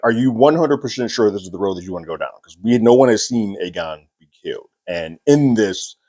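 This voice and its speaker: A man with a fairly low voice talks through a TV episode breakdown in a loose, casual way. He paraphrases scenes in quick quoted asides, peppered with "like," and laughs between points. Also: a little mellow. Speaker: TV show recap host.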